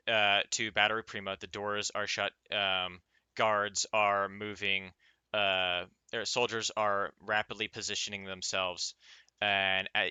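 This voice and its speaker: Bright-voiced game master with halting narration. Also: male voice, lowish voice, clean tone, no room sound, dull audio. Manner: halting, many filler sounds.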